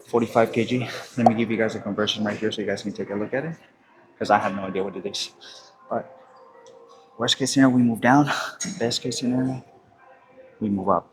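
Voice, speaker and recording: A man talking casually to viewers while working out in a gym, swearing freely and pausing between sets to catch his breath. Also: fairly low pitch, low-quality recording. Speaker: fitness vlogger. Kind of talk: casual gym vlog commentary. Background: music.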